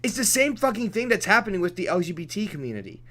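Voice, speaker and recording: Young man, streamer, profane rambling rant, restarts sentences, pitch swinging widely, fairly high voice. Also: very animated, fast, a bit bright. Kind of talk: off-topic rant during a let's play.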